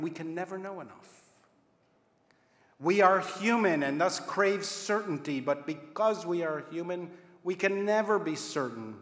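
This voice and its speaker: A man, a rabbi, giving a reflective sermon in measured phrases with long pauses and the odd wry aside. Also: fairly high pitch, a bit bright. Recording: echoey room with long reverb.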